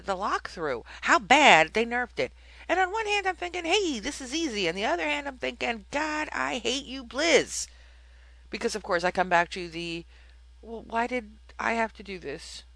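A woman hosts a casual gaming podcast in a bright, forceful voice that swoops up and down as she rambles and exclaims. The sound is close and dry, with no room echo. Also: mid-range voice. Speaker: podcast host.

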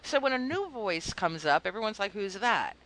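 Woman podcast host, bright voice, lively pitch, giggly storyteller. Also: normal speed. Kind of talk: casual chat.

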